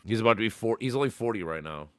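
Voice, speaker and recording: A man's voice: on the low side, animated, very fast. A man hosting a casual stream, talking bluntly with lots of swearing and laughing. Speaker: stream host. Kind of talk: casual profane chat.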